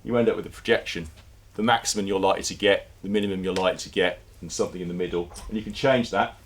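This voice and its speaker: A low-pitched man with a steady tone talks rapid-fire, with a little hiss or hum in the audio. He gives a conversational presentation to a conference audience, using fillers and repeated words.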